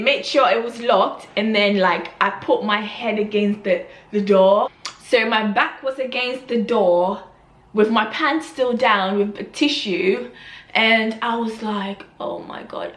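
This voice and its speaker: A young woman vlogger telling an embarrassing story in an animated way, acting out the scene. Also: fairly high pitch, measured pace, roomy sound. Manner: animated storytelling with loud gasping reenactments. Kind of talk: storytime vlog.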